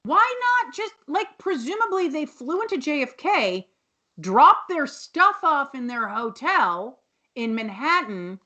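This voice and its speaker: A woman's voice: high voice, big pitch swings, measured pace, pushed and bright. A woman co-hosting a podcast, casually and rambly recapping a TV episode with many restarts. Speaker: podcast co-host.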